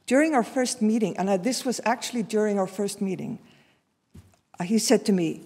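A woman in her sixties from Iceland, introducing a guest at a seminar in a warm, personal way with restarts and fillers. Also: mid-range voice, normal speed, husky. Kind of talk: formal introduction speech. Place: lecture hall. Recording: long hall reverb.

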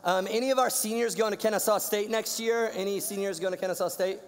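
A man's voice: high voice, fairly even intonation, quick pace, long reverb tail. A young man from Georgia, telling a slangy, playful story to a youth audience. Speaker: youth speaker.

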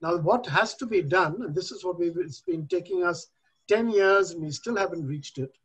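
Older man, panelist, high husky voice, deliberate and emphatic, video call. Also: fairly bright tone, poor audio. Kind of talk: panel discussion.

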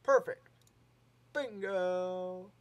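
A man's voice: sits high, drawn-out words. A man hosting a casual let's play, mumbling to himself, trailing off, and humming snatches of tunes as he plays. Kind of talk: casual gameplay commentary.

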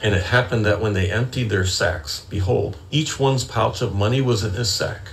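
A man in an online Bible study reading scripture aloud in a steady, measured way, then musing tentatively in discussion. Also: fairly low pitch, creaky, a little hiss or hum, poor audio. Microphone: online voice call.

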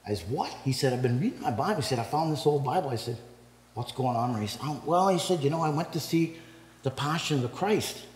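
A man's voice: medium pitch, expressive, fast talker, darkish tone. An older man from Canada giving his testimony at a men's breakfast. He tells rambling stories, acts out what people said, laughs along and builds up into preaching. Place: church hall. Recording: echoey church hall, long reverb.

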